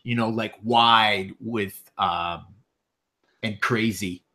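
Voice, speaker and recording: Guy running a tabletop game, lowish voice, chill, um-heavy. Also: steady tone, very slow, bright, forceful tone. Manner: loose, filler-heavy narration. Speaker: game master.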